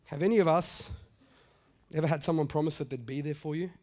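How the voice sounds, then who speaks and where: A middle-aged man delivers a sermon in a raised, light pitch. He talks to the congregation conversationally, stumbling into asides, then drives points home by saying them twice. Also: fairly quick, darkish tone. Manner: conversational preaching, repeats phrases for emphasis, acts out quotes. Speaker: pastor.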